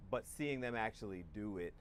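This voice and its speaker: A man's voice: on the low side, lively intonation, moderate pace, a little hiss or hum. Upbeat male TV news anchor. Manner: conversational, upbeat wrap-ups.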